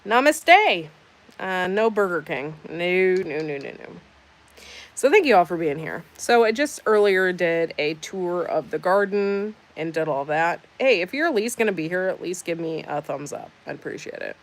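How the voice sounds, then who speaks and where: A woman's voice: lowish voice, lively intonation, normal speed. A woman hosting a casual livestream, reading out chat comments with sarcastic, teasing banter. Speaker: livestream host.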